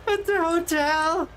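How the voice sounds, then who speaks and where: A woman's voice: very high voice, a bit bright, slight background noise, rough recording. A woman streaming from her desk, telling travel stories in a casual, chatty way and laughing often. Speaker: VTuber streamer. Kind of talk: casual stream chat, storytelling.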